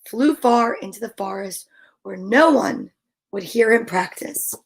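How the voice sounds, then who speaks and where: A woman reading a children's picture book aloud, gentle, with whispered asides. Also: medium pitch, expressive, unhurried, creaky, breathy edge. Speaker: storyteller.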